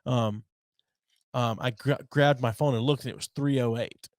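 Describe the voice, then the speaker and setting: A man of middle pitch talks things through slowly on a casual podcast, pausing and restarting as he thinks. The sound is close and dry. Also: fairly even intonation, darkish tone, dry recording. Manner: thoughtful, hesitant, with many fillers. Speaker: podcast co-host. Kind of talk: casual chat.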